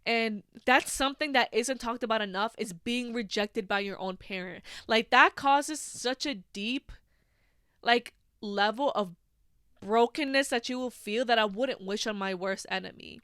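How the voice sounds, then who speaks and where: Casual twenties woman hosting her own podcast; slightly high, crisp voice, swears freely, leans on "like". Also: a little slow, fairly bright tone, dry recording. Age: 20s. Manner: frank and heavily profane, full of "like" fillers. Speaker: podcast host. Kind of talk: candid solo podcast monologue.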